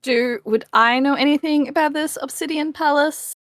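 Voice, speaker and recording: A woman's voice: sits high, normal speed, no room sound, studio quality. A woman player in a tabletop game, casual and playful, often breaking into giggles.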